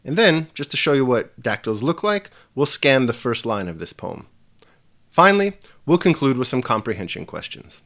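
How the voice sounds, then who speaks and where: A man presenting a scripted video lesson with a measured, emphatic delivery. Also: medium pitch, very animated, fairly bright tone. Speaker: teacher.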